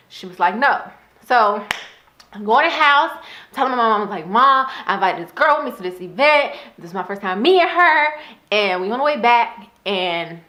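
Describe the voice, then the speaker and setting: Young woman doing a storytime vlog, bright high-ish voice, laughs a lot, kinda echoey room. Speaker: vlogger. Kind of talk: casual storytime.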